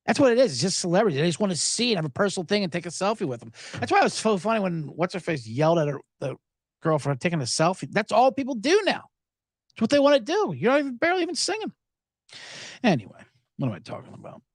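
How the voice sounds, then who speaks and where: Speaking quickly in a high voice, this podcast host delivers a comedic rant that's sarcastic and animated, peppered with swearing and snippy lines of dialogue he acts out. The sound is studio quality with no echo.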